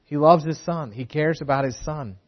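A man's voice: a little high, normal speed, muffled recording. A man preaching a sermon, earnest, often repeating words for emphasis.

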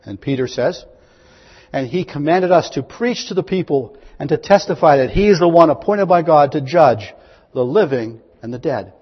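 Emphatic preacher in an echoing hall. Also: male voice, animated, normal speed, breathy edge. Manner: emphatic, rises to loud high proclamations; reads scripture aloud, then questions the listeners. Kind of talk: sermon. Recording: dull, long-echo hall recording.

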